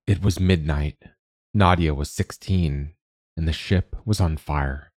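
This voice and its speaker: A man reading a story aloud in a measured, even narration. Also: very deep voice, no echo.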